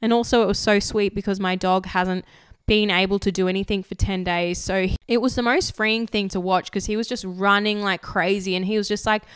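A young woman hosts her podcast in a loose, candid ramble, swearing freely. Her voice is very clear but slightly croaky from recent illness. The recording is dry and close, with no room sound. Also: medium pitch, fairly even intonation, a little fast, dry recording. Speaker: podcast host. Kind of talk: casual chat.

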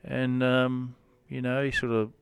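Rambling Australian cowboy, smooth voice. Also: male voice, mid-range voice, monotone, a little slow. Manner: rambling, lots of "you know" and restarts. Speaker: rodeo cowboy guest. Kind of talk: casual storytelling interview.

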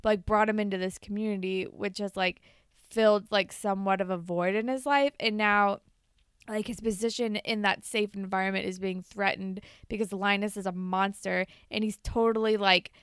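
A woman's voice: mid-range voice, moderate pace, clear, resonant tone, no room sound, studio quality. A young woman co-hosting a podcast, animatedly retelling episode scenes and acting out the lines. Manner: animated retelling with quoted voices and swearing. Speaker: podcast co-host. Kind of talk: casual recap chat.

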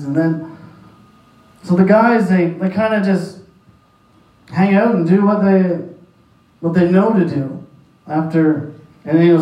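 A man's voice: on the high side, warm tone. A male pastor delivering a sermon, emphatic and repetitive in his preaching. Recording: echoey room, distant mic.

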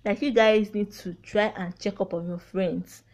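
A woman's voice: medium pitch, fairly even intonation, moderate pace, darkish tone. A woman with a Nigerian accent hosting a solo podcast, talking heartfelt and frank, laughing through painful topics. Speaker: podcast host. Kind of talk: candid solo podcast monologue.

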